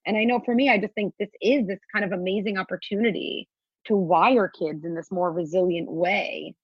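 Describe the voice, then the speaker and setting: In podcast interview talk, a woman who is a parenting guest expert explains her ideas in an earnest, coaching way, occasionally slipping into a sing-song to act out a child's inner voice. She speaks at a moderate pace with a steady tone and a husky, medium-pitched voice. The audio is dull and dry, without echo.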